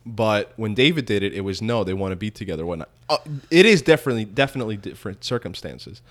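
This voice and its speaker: A man's voice: lowish voice, expressive, fast talker, a bit bright. Rambling, questioning male podcast host. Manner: rambling, questioning, many restarts and fillers. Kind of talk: casual chat.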